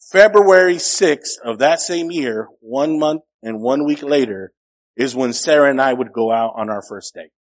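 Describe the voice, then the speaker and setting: A man preaching a sermon as a pastor, telling a personal story in a conversational way, rising to emphatic peaks and dropping quiet. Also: a little high.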